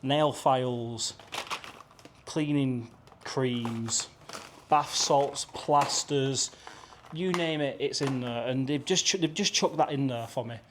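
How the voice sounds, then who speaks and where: British man, British English accent, young adult, effusive chatty vlog, mid-pitched voice, faint city hum behind. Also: slow pace. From Britain. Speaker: travel vlogger. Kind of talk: casual vlog to camera. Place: rented apartment and balcony, partly outdoors.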